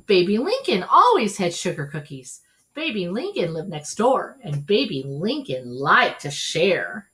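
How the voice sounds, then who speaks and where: A woman reading a children's storybook aloud in an expressive, animated way. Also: on the low side, unhurried. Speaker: storybook reader.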